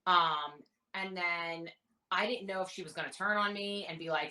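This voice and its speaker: A woman in her thirties, a reality show contestant, telling stories in a casual interview with animated, rambling detail. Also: lowish voice, normal speed, poor audio. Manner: animated, rambling anecdotes with many fillers.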